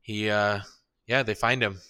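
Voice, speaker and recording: A man co-hosting a casual podcast chat, making deadpan dark jokes. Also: on the low side, a little slow, smooth. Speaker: podcast co-host.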